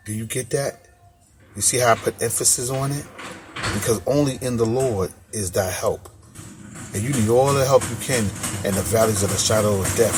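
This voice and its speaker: A man with a fairly low voice delivers an informal sermon. He reads scripture aloud, then drives his points home by repeating phrases in loose, casual street speech. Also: moderate pace, a little mellow, faint music behind. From United States. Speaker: preacher.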